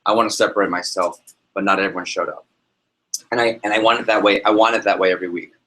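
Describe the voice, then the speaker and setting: This man speaks fast in a low-pitched voice, and the recording is rough. Leading a live motivational sales workshop in a meeting room, he energetically tells stories and quizzes the audience.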